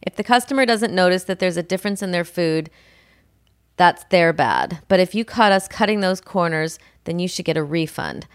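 A woman's voice: on the low side, very animated, moderate pace, clean tone, dry recording, clean studio sound. A woman co-hosting a podcast, chatting casually with a teasing edge and reading listener emails. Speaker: podcast co-host. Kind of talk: casual banter.

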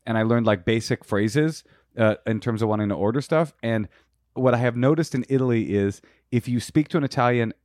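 Brief: male comic podcast co-host, mid pitch, dry close studio mic, riffing jokes. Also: darkish tone, no echo. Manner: joking, quick riffing. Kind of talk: casual comedic chat.

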